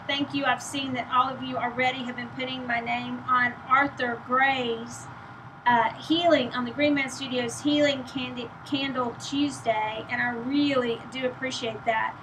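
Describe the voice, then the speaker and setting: A chatty woman with a Texan drawl, her voice pitched a little high. It sounds weak and winded from illness, yet she speaks loudly so she carries. Clear noise hums behind her. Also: fairly even intonation, a little slow. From East Texas. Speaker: host. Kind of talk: casual chat to camera.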